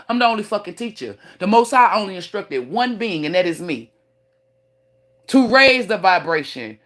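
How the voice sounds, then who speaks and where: A woman's voice: mid-range voice, a bit bright. A woman ranting live on stream with a mid-range voice, blunt and boastful. She lectures her viewers in a preachy tone and swears freely. She sounds sure of herself and hard-edged. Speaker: spiritual teacher. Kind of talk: livestream rant.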